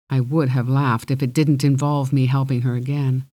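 An audiobook reader narrating a first-person fantasy story in a wry, measured way. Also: medium pitch, level tone, dark tone.

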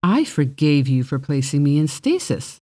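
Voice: mid-range voice, sing-song, moderate pace, a little mellow, no room sound, studio quality. A reader voicing a proud, guarded fairy princess who speaks formally and bargains haughtily. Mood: bargaining. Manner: arrogant, formal, evasive.

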